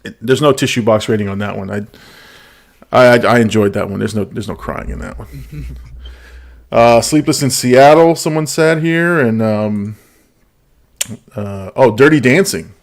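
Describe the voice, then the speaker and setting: A man's voice: mid-range voice, measured pace, long pauses. A man hosting a casual live stream, reading viewer comments aloud and laughing often. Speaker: show host.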